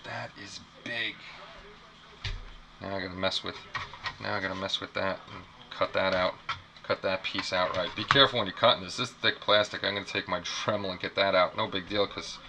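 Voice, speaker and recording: A man's voice: low-pitched, fairly even intonation, brisk. A man hosting a casual live unboxing stream from a small apartment, rambling, repeating himself and reacting to chat. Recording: clear background noise.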